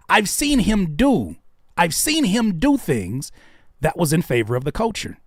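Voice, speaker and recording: A man hosting reaction commentary, swinging between heated ranting and hushed asides. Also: on the high side, creaky, no echo, clean studio sound. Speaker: host.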